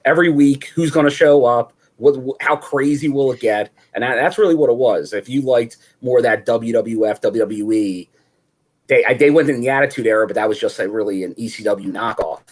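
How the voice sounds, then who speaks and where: A man hosting a chat show, talking in a relaxed way and thinking out loud as he goes. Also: mid-range voice, brisk. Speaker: podcast host. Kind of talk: casual chat.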